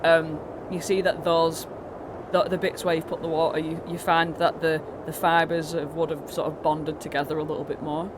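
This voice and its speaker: A woman's voice: sits low, little pitch movement, moderate pace, noisy background. A British woman narrating as the dungeon master of a tabletop game, rambling through descriptions with many fillers and restarts. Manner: meandering, full of fillers and restarts.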